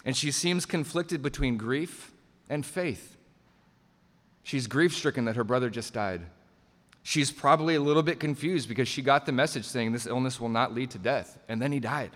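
Guy giving a sermon, chatty and animated, voice ringing in a big reverby hall. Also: mid-range voice, moderate pace. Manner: conversational, acts out quoted voices. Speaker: preacher.

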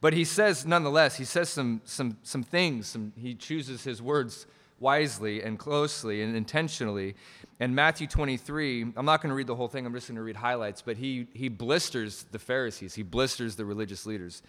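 A man's voice: medium pitch, a little fast, a bit bright, long reverb tail. A male pastor preaching a sermon, emphatic, pushing key phrases up and restarting mid-sentence.

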